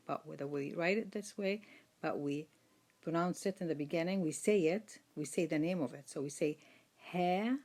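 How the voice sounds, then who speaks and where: Woman, patient letter-by-letter teaching, lowish voice, unhurried. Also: darkish tone. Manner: patient, repeats each sound several times. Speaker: Quran reading teacher. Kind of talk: slow step-by-step lesson.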